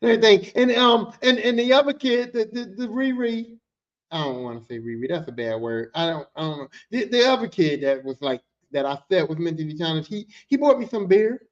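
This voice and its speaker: A man hosting a podcast, telling a work story in a loose, profane, animated way. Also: high-pitched, a little fast. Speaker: podcast host and work-site boss. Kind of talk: casual storytelling. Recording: dull lo-fi audio.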